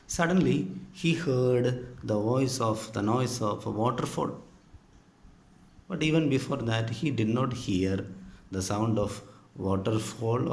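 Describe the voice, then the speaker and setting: Slow-speaking Indian English male teacher. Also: lowish voice, gravelly, a little mellow. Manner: patient, explaining step by step with frequent pauses. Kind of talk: storytelling lesson to students. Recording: echoey room with faint ambient noise.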